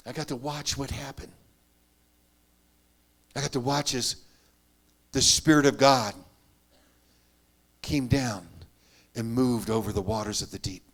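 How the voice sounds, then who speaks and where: A man preaching a sermon, telling his story earnestly, rising to loud emphatic bursts and dropping to hushed asides. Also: on the high side. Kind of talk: sermon testimony.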